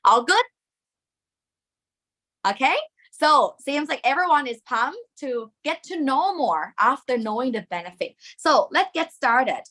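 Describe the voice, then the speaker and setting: A woman with a Thai accent teaching a live online lesson, lively and encouraging, dropping Thai particles into her English. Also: high-pitched, unhurried.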